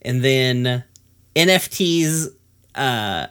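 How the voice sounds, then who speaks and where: Guy ranting on a podcast, swears a ton, middle pitch. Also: lively intonation, extremely slow, fairly bright tone, clear, resonant tone. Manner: profane, ranting. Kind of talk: casual podcast chat.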